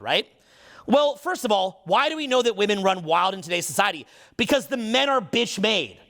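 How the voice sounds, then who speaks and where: Pitched high, pushed and bright, the voice belongs to a man who coaches social skills. He talks fast through a heated, profane, unscripted monologue, getting on a roll and driving harder as it goes.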